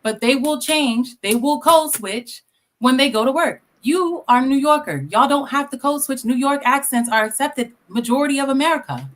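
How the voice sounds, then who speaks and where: Woman from Iowa, explains at length, fairly high voice, casual live-stream debate. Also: lively intonation, moderate pace. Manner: explains at length with personal examples.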